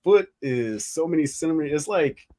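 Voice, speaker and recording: A man's voice: on the high side, expressive, moderate pace, warm tone. A man in his forties hosting a casual podcast. He talks in a loose, rambling way, swears freely and breaks into laughter often. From United States. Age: 40s. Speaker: podcast host. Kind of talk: casual chat.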